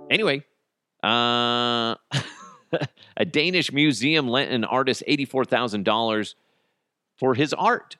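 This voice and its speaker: A man in his thirties hosting a solo comedy podcast, ranting in an animated, self-mocking way and jumping into quick impressions. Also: medium pitch, no echo. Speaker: podcast host.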